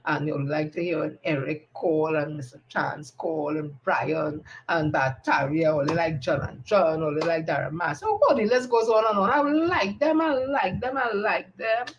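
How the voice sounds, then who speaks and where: A woman's voice: sits low, moderate pace, few pauses, highs cut off, a little hiss or hum. A woman with a Trinidadian accent, giving a blunt, combative live-stream monologue and repeating her points for emphasis. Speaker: political commentator on a live stream.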